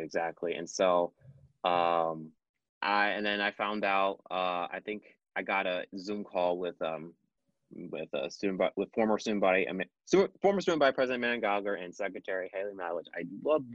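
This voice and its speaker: A man's voice: low voice, fairly quick, a bit bright, no room sound. Teen boy, student council member, rambling casual talk, dull dry recording. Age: teens. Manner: rambling, many restarts and fillers. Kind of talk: casual chat. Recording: dull lo-fi sound.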